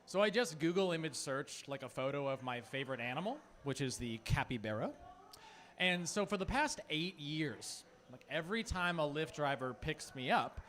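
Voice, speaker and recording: A man's voice: on the high side, lively intonation, moderate pace, fairly bright tone. A man in his thirties from Phoenix, Arizona, performing a rambling, chatty stand-up set full of "like" fillers. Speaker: stand-up comedian.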